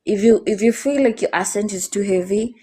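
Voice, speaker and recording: A Kenyan woman on a live-streamed interview, giving coaching advice on speaking calmly and clearly. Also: mid-range voice. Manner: coaching, demonstrates calm versus rushed speaking. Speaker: guest. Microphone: phone or video call.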